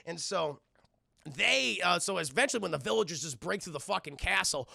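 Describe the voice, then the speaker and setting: Gravelly, bright-voiced male streamer. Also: sits high, brisk, no echo, clean studio sound. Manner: profane, animated, keeps addressing chat. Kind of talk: casual film recap.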